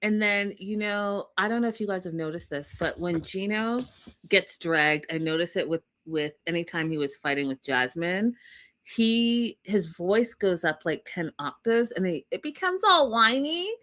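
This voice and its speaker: A woman's voice: medium pitch, animated, moderate pace, fairly bright tone. A woman co-hosting a casual TV recap show, chatting directly to her viewers and laughing often. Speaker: podcast co-host.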